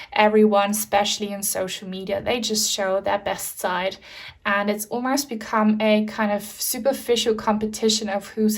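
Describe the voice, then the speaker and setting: A woman giving a pick-a-card tarot reading to her viewers, speaking gently and reassuringly, with frequent fillers. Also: mid-range voice. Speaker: tarot reader.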